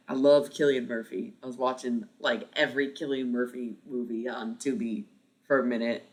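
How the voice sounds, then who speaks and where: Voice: medium pitch, fairly even intonation, moderate pace. A livestream host in their thirties, chatting casually with viewers, rambling, swearing freely and laughing often.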